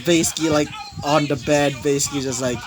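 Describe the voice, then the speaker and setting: A man's voice: a little high, fairly even intonation, fast. A young man improvising a fan story aloud, rambling with many fillers. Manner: rambling, full of 'you know' and 'basically'.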